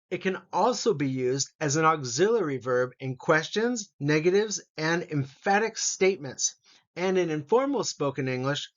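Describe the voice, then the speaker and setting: A man teaching an English grammar lesson, slowly reading out example sentences. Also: on the high side, fairly bright tone, dull audio. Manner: slow, deliberate, reads example sentences aloud.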